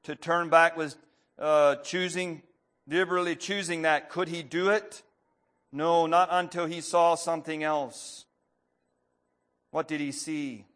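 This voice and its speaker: A man preaching a sermon who reads a story aloud, then speaks plainly with pauses and fillers, clearing his throat often. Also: a little high, level tone, a bit bright.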